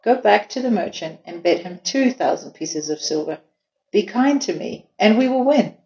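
A woman voicing a big, strong, gentle male ox in a storybook reading. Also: medium pitch, lively intonation, normal speed, lightly acted. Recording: echoey room, dull lo-fi sound.

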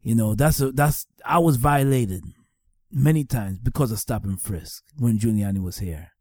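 Earnest mellow-voiced New man. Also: medium pitch, normal speed, no room sound, clean studio sound. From New York, Staten Island. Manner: earnest, repeats phrases for emphasis. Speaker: speaker giving testimony. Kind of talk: personal testimony.

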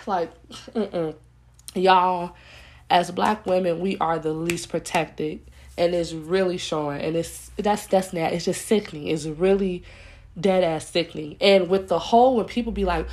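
A young woman in a casual vlog, ranting to her viewers bluntly and heatedly, repeating herself and filling her speech with "like" and "y'all". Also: fairly low pitch. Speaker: commentary vlogger.

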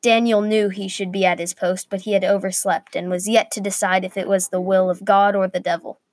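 A woman reading a medieval adventure story aloud, steady with small slips. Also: medium pitch, brisk, no room sound.

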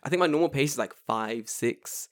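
A man's voice: mid-range voice, brisk, dry recording, studio quality. A man in his late twenties, co-hosting a casual podcast chat, telling stories with lots of swearing and acted-out quotes. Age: 20s. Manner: animated storyteller, swears freely, acts out quotes. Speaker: podcast co-host.

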